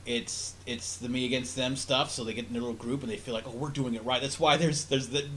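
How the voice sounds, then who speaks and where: A man's voice: mid-range voice, fairly even intonation, brisk, fairly bright tone, a little hiss or hum. A man co-hosting a casual podcast chat, crude and mocking, swearing freely. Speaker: podcast co-host.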